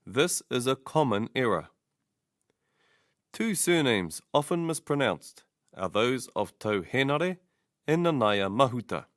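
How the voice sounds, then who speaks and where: A man giving a scripted pronunciation lesson, saying each word slowly and then repeating it as a model. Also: mid-range voice, sing-song, fairly bright tone, dry recording, studio quality. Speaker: language teacher.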